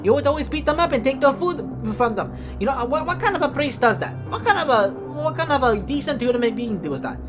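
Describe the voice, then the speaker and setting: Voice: sits high, big pitch swings, brisk, few pauses. A performer voicing an indignant churchgoing sister who scolds her brother in a stammering, accusing manner, over music. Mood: scolding. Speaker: church member. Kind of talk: comedy sketch acting.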